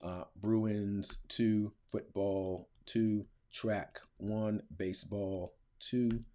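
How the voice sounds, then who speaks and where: A man's voice: fairly low pitch, little pitch movement, very slow, hardly any pauses, warm tone. A middle-aged man teaching, walking through a lesson in a casual, thinking-aloud way, with filler words and slang. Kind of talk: screen-recorded classroom tutorial.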